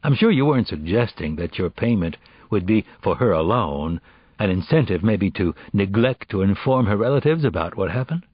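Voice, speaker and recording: A man voicing a cool, unyielding male lawyer who speaks in a measured way, in an audiobook. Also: fairly low pitch, lively intonation, breathy edge, dry recording. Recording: dull, dry audiobook recording.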